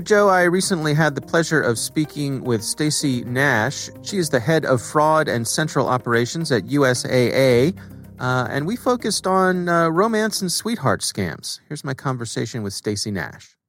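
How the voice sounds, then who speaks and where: Relaxed male podcast co-host. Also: a little high, a little slow, soft background music. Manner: relaxed, conversational with fillers. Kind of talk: casual chat.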